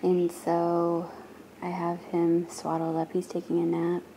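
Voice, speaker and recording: A woman casually narrating a roleplay vlog at home, gently chatting as a mom. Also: fairly low pitch, completely flat delivery, a little slow, a little hiss or hum. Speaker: doll roleplay vlogger. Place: at home indoors.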